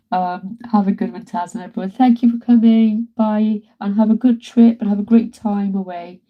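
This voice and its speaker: A woman's voice: medium pitch, steady tone, normal speed, hardly any pauses, narrow, tinny audio. A woman in her thirties, an artist chatting casually on a live stream, laughing often and greeting viewers as she works in her studio. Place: home art studio.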